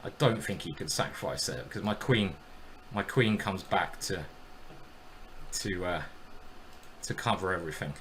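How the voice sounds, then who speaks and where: A man commenting live on his own blitz chess games and joking with his chat in an animated, self-mocking way. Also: low-pitched, moderate pace, pauses often, a little hiss or hum. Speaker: chess streamer.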